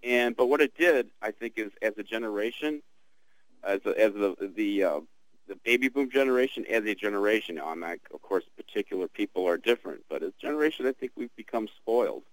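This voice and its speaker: A man in his sixties hosting a call-in radio show, who talks in a halting way with many restarts. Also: lowish voice, animated, poor audio. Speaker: radio talk show host.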